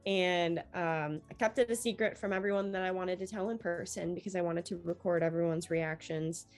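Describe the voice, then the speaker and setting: A young woman, a newly accepted medical student, tells her story in an interview in an animated way, acting out the dialogue she quotes. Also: on the low side, brisk, soft background music.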